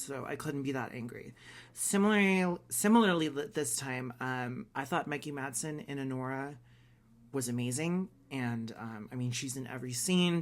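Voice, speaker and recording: A man's voice: mid-range voice, a bit bright. A man giving blunt, sarcastic opinions in a casual reaction vlog, swearing casually. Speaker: vlogger.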